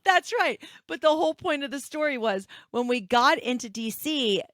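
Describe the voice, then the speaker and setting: A woman co-hosting a podcast, telling travel stories in animated, casual chat with laughs. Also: high voice, normal speed, no echo. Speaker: podcast co-host.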